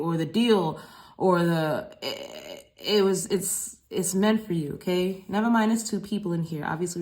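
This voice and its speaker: Rambling, slangy woman reading tarot. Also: lowish voice. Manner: loose, rambling and slangy, with frequent swearing; repeats phrases like chants. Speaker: tarot reader. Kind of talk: casual collective tarot reading.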